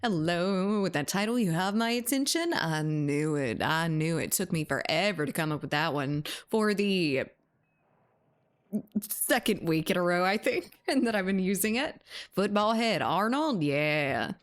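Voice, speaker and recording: A woman's voice: on the low side, expressive, measured pace. A woman game streamer chatting casually and playfully, greeting her live chat viewers by name one after another.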